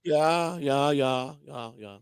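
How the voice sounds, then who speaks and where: A man co-hosting a casual livestream, loud and giddy, repeating himself and laughing a lot. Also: mid-range voice, slow, smooth, no room sound. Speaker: livestream co-host. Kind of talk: rowdy casual livestream chat.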